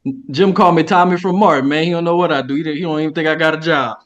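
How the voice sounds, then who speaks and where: A man's voice: a little high, very fast, a bit bright, dull audio. A man chatting as a podcast guest in a laid-back way, ending his lines with "man". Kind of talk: casual podcast banter.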